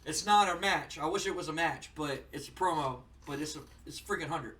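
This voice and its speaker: A young man casually commenting on a wrestling management game, rambling with lots of fillers and getting excited. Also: on the high side, brisk, few pauses, recorded from a distance. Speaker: gaming channel host. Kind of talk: casual let's-play commentary.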